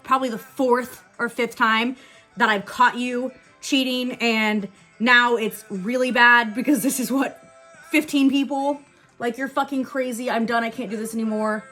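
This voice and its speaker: A young woman with a fairly high voice chats candidly through a makeup tutorial, rattling off quick asides. Faint music plays underneath her voice. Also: fairly bright tone. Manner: candid, blunt and profane. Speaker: beauty vlogger. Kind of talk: casual get-ready-with-me storytime.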